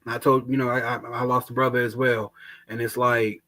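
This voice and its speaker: A man hosting a casual podcast interview, talking in an animated way, repeating words and using lots of fillers. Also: mid-range voice, a little fast, dry recording, rough recording. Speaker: podcast host.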